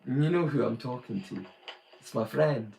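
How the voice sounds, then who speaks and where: A man's voice: medium pitch, normal speed, gravelly, darkish tone. A man with a Scottish accent, hosting a casual live stream and speaking reflectively and directly to his chat viewers. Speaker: streamer host.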